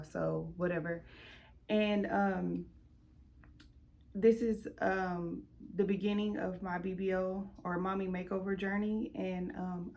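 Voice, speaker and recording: A young adult woman vlogging in a candid, rambling way with many fillers, slightly out of breath. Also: on the low side. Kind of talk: casual chat. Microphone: camera mic.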